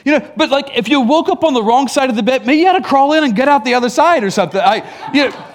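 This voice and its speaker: A man's voice: very high-pitched, expressive, fast talker. A man preaching a conversational sermon, casual and teasing, with many fillers, restarts and chuckling asides. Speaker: pastor.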